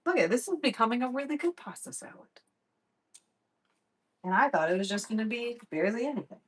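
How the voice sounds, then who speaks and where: A young woman chatting casually as she cooks in her home kitchen, swearing freely and telling stories in a lively way. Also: a little high, a little fast, a little hiss or hum, rough recording. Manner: chatty, profane, animated storytelling. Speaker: vlogger. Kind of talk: casual cooking vlog chat.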